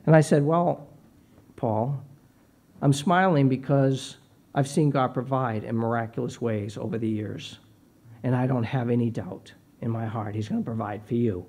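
A man's voice: mid-range voice, fairly even intonation, moderate pace, mellow. A middle-aged man preaching a sermon, earnest and personal, often repeating words as he starts a phrase. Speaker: pastor.

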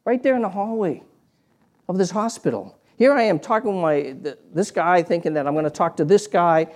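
A man preaching a sermon in a conversational, storytelling way, restarting phrases and swinging from quiet asides to emphatic points. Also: high-pitched, animated, brisk.

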